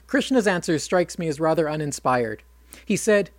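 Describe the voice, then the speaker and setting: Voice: mid-range voice, lively intonation, normal speed, dry recording. Dry, wry casual storyteller. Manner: wry, conversational asides. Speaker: storyteller retelling an epic. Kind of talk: casual retelling with commentary.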